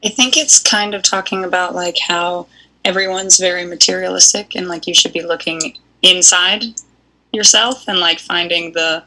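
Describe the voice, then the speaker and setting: A woman's voice: on the low side, steady tone, normal speed, pushed and bright, low-quality recording. A woman student answering in class, tentative, with many "like" fillers.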